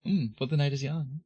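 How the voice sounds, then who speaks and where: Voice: mid-range voice, warm tone, breathy edge, no room sound, lo-fi sound. A game master voicing a flirtatious, theatrical male glamour bard in a tabletop game, with a sing-song, flirty manner.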